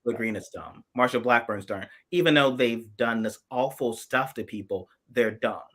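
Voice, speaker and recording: A man's voice: medium pitch, moderate pace, a bit bright. A man in his forties from South Carolina, co-hosting a casual political chat in an emphatic, impassioned way, often restarting his sentences. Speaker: podcast co-host.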